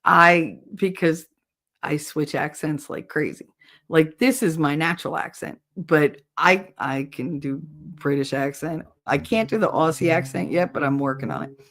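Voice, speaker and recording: A woman's voice: low voice, unhurried. A woman co-hosting a livestream, chatting casually and animatedly with viewers. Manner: animated, switches voices and laughs easily. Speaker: livestream co-host.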